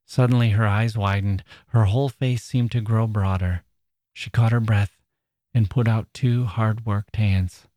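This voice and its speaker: A man with a fairly low voice hosts a literature podcast, reading a novel aloud and then reflecting on it. He speaks in a measured, thoughtful way and sometimes stops to hunt for the right words. The recording is close and dry, with no room echo. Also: steady tone, darkish tone.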